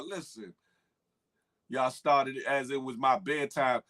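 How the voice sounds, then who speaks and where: A man's voice: mid-range voice, slow, creaky, pushed and bright. A man hosting a morning live stream, chatting loosely in slang, greeting viewers by name and riffing on internet gossip. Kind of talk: casual live-stream chat.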